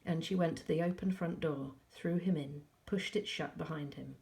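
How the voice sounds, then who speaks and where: Low, gravelly woman reading aloud. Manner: calm, measured narration with soft asides. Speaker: teacher. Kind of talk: reading a novel aloud to pupils.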